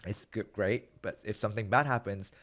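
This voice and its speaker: A man's voice: lowish voice, steady tone, moderate pace, a bit bright. A man speaking as a guest researcher in a casual interview, open and reflective, laughing easily. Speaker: podcast guest, metabolic researcher.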